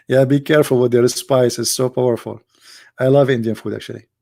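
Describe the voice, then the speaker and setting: Creaky-voiced man hosting a livestream. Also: mid-range voice. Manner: animated storyteller in non-native broken English. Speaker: livestream host. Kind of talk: casual livestream chat.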